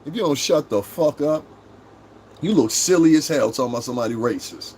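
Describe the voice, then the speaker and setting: Brief: young man, livestream host, combative profane rant, mid pitch, faint noise behind. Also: animated, brisk, darkish tone. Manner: profane, combative, mocks chat commenters in high mimicking voices.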